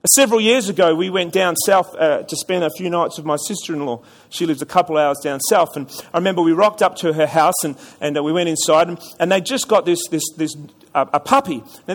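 A man preaching a sermon to a congregation, chatty and storytelling, often repeating words and asking the audience questions. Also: high voice. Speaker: pastor. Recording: long hall reverb.

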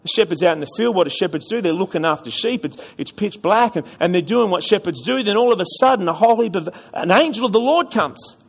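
A man's voice: high-pitched, expressive, fast talker, gravelly, few pauses, breathy edge. A man preaching a sermon to a congregation, chatty and storytelling, often repeating words and asking the audience questions. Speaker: pastor. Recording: long hall reverb.

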